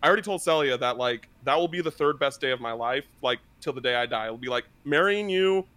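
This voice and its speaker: A man co-hosting a gaming podcast, rambling like an excitable fan, often restarting his sentences. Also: mid-range voice, fast talker, no echo. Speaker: podcast co-host. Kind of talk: casual chat.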